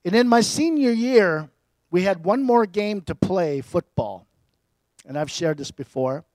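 A man preaching a personal testimony as a sermon, telling his story with big swings between loud and quiet. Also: high-pitched, animated, a little slow, dry recording.

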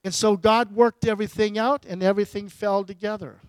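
A higher-voiced man, middle-aged or older, tells his life story from the pulpit. He swings from loud bursts to near whispers. The sound is dry and close. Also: a little fast, clear, resonant tone, no echo. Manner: animated, swinging from loud to hushed. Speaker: pastor. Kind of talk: storytelling sermon.

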